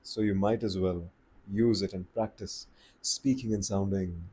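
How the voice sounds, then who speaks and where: A man giving voice tips in a relaxed, unhurried, conversational way, slowing down to stress his points. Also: low voice, slight background noise. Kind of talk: casual advice talk to camera.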